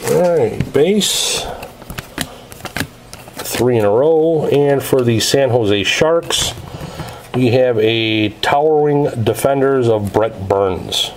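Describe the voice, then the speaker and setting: A man of middling pitch talks slowly and steadily as he opens card packs for viewers. He reads out each card's details in a methodical, matter-of-fact way. Faint background noise and card clicks sit under his voice. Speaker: card break host. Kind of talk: casual narration of opening card packs.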